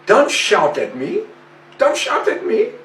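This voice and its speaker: A man's voice: high voice, huge pitch swings, slow, fairly bright tone, echoey room, recorded from a distance, slight background noise, voice pushed up, exaggerated voice. A man voicing his pet female parrot, with a sing-song, mimicking delivery. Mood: scolding. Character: chatty pet female parrot, sweet and cheeky.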